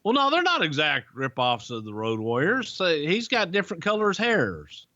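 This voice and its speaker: Bright-voiced man telling stories. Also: on the high side, normal speed, no echo, lo-fi sound. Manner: loose, profane, animated storyteller. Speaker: podcast host. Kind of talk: casual storytelling chat.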